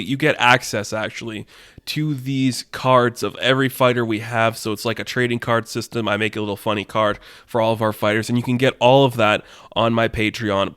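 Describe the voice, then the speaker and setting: A man's voice: mid-range voice, no echo, clean studio sound. Young man rambling through a comedic story. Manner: rambling, animated, laughs at his own story. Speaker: podcast host.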